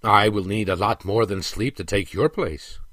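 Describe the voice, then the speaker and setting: A man's voice: lowish voice, normal speed, a bit bright, dry recording. A man voicing a worried dwarf prince who speaks earnestly and pleadingly. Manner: pleading, earnest, a little raised. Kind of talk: audiobook character reading.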